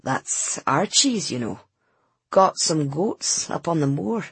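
A man's voice: on the high side, big pitch swings, slow, fairly bright tone, husky, no room sound, exaggerated voice. A woman voicing a friendly, kind old pub landlord.

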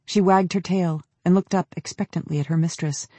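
A man narrating an audiobook in a measured, descriptive storytelling manner. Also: high voice, steady tone, a little mellow, no room sound. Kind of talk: scripted narration.

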